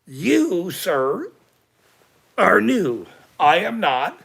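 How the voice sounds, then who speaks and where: A man's voice: sits high, huge pitch swings, slow pace, gravelly, bright, forceful tone, slightly rough. A middle-aged man hosting a livestream, ranting at his chat in a profane, combative way with frequent laughs. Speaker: livestream host.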